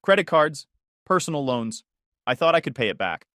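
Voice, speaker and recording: A man's voice: on the high side, sing-song, moderate pace, bright, forceful tone, no echo, studio quality. A man reading the lines of a desperate young woman pleading with her ex-fiancé, in a slightly raised voice. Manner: pleading, tearful.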